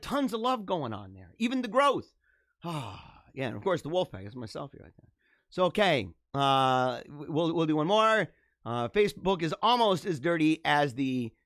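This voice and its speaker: A man hosting a casual live stream, reading viewer comments, animated and jokey, laughing often. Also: sits high, no room sound, clean studio sound.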